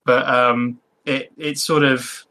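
A young man talks casually as a podcast guest. His voice is bright and forward, and his pitch sits in the middle range. He laughs often and breaks off into restarts mid-sentence. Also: little pitch movement, takes it slowly. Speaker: podcast guest, game master.

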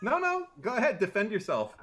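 A middle-aged man bickering on a live stream in a high, lively voice that swoops up and down. He swears constantly and throws out blustering mock threats. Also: brisk. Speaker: stream guest and panelist. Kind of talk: heated stream banter.

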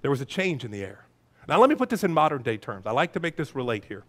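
A man preaching a lively, playful sermon as pastor, breaking into shouts and silly voices. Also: mid-range voice, fast.

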